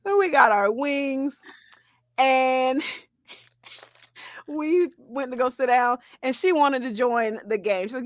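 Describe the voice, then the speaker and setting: A woman in her thirties telling a story in casual, slangy chat, animated, laughing and swearing as she goes. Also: fairly high pitch, measured pace, no echo, clean studio sound. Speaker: podcast co-host.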